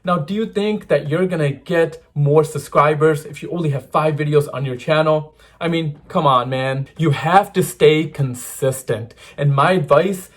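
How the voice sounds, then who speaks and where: A man with a slightly husky, fairly high voice runs his own advice channel. He talks straight to the viewer in an upbeat, chatty way and keeps calling them "guys.". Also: moderate pace. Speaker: YouTube channel host giving advice. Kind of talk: casual direct-to-camera advice.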